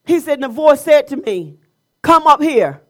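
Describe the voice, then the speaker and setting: A woman's voice: high-pitched, big pitch swings, moderate pace. A woman leading a Bible study, building to emphatic, repeated phrases. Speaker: Bible teacher.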